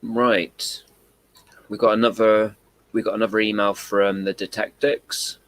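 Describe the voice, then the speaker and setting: Low-voiced man, dry and teasing. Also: little pitch movement, measured pace. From England. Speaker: co-host. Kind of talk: casual live stream chat.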